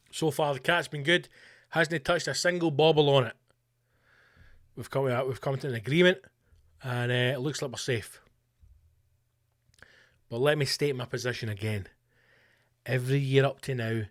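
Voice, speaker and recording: A Scottish man hosting a podcast, delivering a profane, ranting comic monologue with mock-rallying slogans. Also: medium pitch. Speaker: podcast host.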